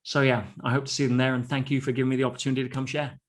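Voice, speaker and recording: A man, a podcast guest, telling stories in an animated, anecdotal way with frequent restarts. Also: medium pitch, rapid-fire. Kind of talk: casual storytelling interview.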